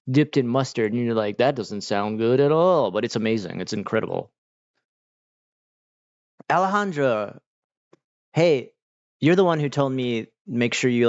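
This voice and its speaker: A man's voice: mid-range voice, moderate pace, long pauses, clear, resonant tone. A man hosting a livestream, chatting with viewers in a laid-back, slangy way full of fillers. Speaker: livestream host answering chat. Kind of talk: casual livestream chat. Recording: dull lo-fi sound.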